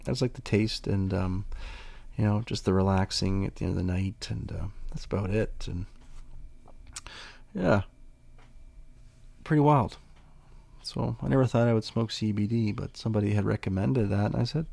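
A man's voice: on the low side, moderate pace, gravelly, long pauses, warm tone, dry recording. A man hosting a casual solo podcast, rambling in a laid-back way and swearing freely. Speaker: podcast host.

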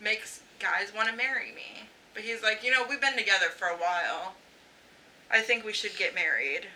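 A woman's voice: medium pitch, normal speed, bright, forceful tone, slight background noise, poor audio. A woman co-hosting a podcast in casual chat, dropping wry, joking asides. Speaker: podcast co-host.

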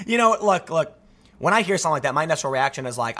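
A man delivers opinionated political commentary, reading articles aloud and reacting with emphatic disbelief. His voice sits a little high and has a bright, sharp edge. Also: lively intonation, fast talker.

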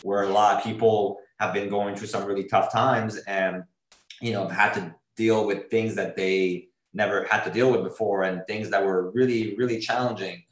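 A man's voice: lowish voice, steady tone, normal speed, roomy sound, poor audio. A man in an interview, talking earnestly and rambling, with many fillers and restarts as he searches for words. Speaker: drummer being interviewed. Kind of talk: casual interview talk.

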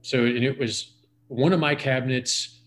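A man's voice: mid-range voice, steady tone, moderate pace, a bit bright. A man in his forties, a podcast guest, telling a profane, rambling story full of "like" fillers. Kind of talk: casual storytelling.

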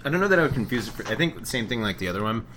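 A man co-hosting a casual podcast, teasing the others with deadpan jokes. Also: mid-range voice, racing, slight background noise. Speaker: podcast co-host.

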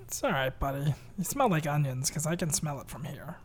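Woman player with a low, very lively voice, teasing and playful. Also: brisk, a little hiss or hum. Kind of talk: tabletop role-play.

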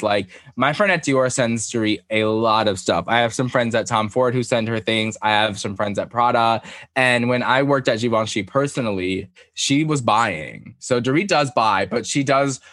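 A man trades celebrity gossip with his co-hosts, telling long stories with plenty of swearing. His voice sits at a middling pitch. The sound is close and dry, with no room around it. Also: no room sound. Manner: animated, profane storytelling. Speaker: podcast co-host. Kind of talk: casual gossip chat.

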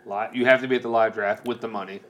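A man's voice: on the low side, fairly even intonation, fast talker, lo-fi sound. Laid-back man chatting and laughing. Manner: laughs easily, explains league rules in a loose rambling way. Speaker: podcast co-host. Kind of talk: casual chat.

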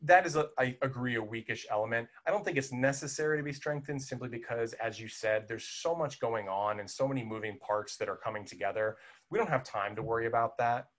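Male podcast reviewer, mid-pitched, chatty and animated, loose with fillers. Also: a little fast. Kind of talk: casual film discussion.

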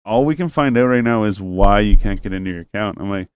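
A man's voice: on the low side, fast, clean tone, no echo. Rambling, cursing man telling a story. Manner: rambling, profane, acts out both sides of a phone call. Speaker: storyteller in group chat. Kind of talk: casual storytelling to friends.

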